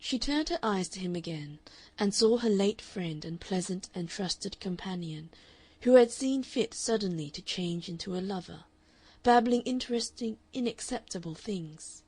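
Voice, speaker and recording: A woman narrating a classic novel in a steady, measured audiobook reading. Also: mid-range voice, breathy edge, dry recording. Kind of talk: scripted narration.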